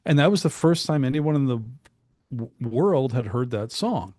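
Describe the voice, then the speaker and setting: A man's voice: mid-range voice, expressive, normal speed, dark tone, dry recording. Chatty man telling studio stories. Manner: chatty, with frequent restarts and asides. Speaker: guest recalling studio work. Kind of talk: casual anecdotal storytelling.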